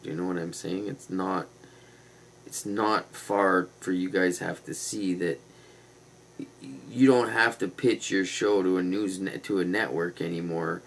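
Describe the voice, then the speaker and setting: A man's voice: low-pitched, fairly even intonation, a little slow, gravelly, low-quality recording. A man hosting a livestream, rambling in a casual, meandering and conspiratorial way with loose slang. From Canada. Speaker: livestream host.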